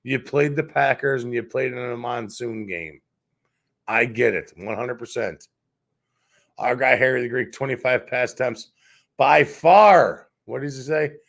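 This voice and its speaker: A man's voice: medium pitch, normal speed, vocal fry, fairly bright tone. A man hosting a sports show, ranting in a heated, profane, repetitive way.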